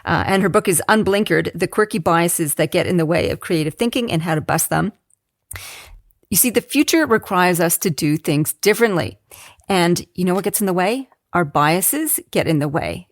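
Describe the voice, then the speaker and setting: Australian woman host, eager and chatty, low voice, close dry recording. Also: no room sound. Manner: enthusiastic, laughs often. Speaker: podcast host. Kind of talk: casual podcast interview. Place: Canberra.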